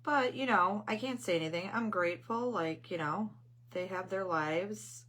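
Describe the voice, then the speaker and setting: A woman's voice: medium pitch, moderate pace, a bit bright. A middle-aged woman hosting a craft channel, chatting casually on a live stream and telling rambling family stories. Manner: greets viewers mid-story.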